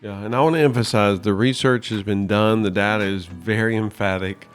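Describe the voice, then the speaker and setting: A man's voice: fairly low pitch, fairly even intonation, fairly quick, soft background music. A man co-hosting a podcast, talking in an emphatic, encouraging way. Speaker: podcast co-host. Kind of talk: casual podcast chat.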